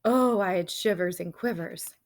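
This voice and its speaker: A woman reading a children's chapter book aloud to kids, lively and expressive. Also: lowish voice, moderate pace.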